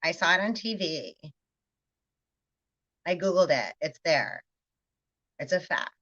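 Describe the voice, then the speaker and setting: A woman's voice: on the low side, sing-song, takes it slowly, bright, forceful tone, no room sound, lo-fi sound, full character voice. A woman mimicking a smug, gullible person who trusts whatever they are told, in a mocking sing-song.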